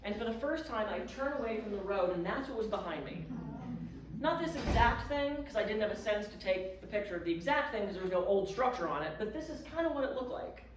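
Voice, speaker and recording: A woman tells a story to a live audience, animated and self-mocking, with dramatic swings in her telling. She sounds distant from the mic, in a very echoey room with faint noise behind her. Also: mid-range voice, fast. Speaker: guest speaker. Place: community clubhouse event room.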